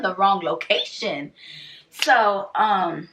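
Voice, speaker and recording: A young woman from Rochester, New York, tells a vlog storytime with a bright, forward tone. She talks in a casual, slangy way and acts out every line of dialogue. Her voice sits at a middle pitch, a little distant from the mic. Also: moderate pace. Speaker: vlogger.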